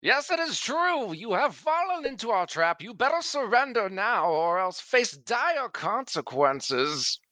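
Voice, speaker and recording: A man's voice: sits high, very animated, unhurried, few pauses, pushed and bright, no room sound, voice pushed up, full character voice. A man voicing a grandiose, theatrical character who delivers stagy threats. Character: pompous adult male actor bluffing enemies.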